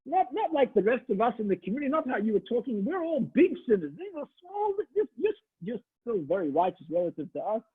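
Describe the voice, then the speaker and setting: A man's voice: extremely high pitch, sing-song, quick pace, few pauses, husky, pitched above the performer's own voice, heavily acted. A man telling a story in the voice of a shrewd, devout rabbi who praises a preacher with pointed irony. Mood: insistent. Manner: mock-admiring, pointed. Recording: tinny phone-like audio.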